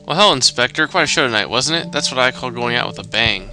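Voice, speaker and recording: A man's voice: medium pitch, expressive, fast, bright, forceful tone, faint music behind. A man voicing a brash, sarcastic woman suspect in a mystery game.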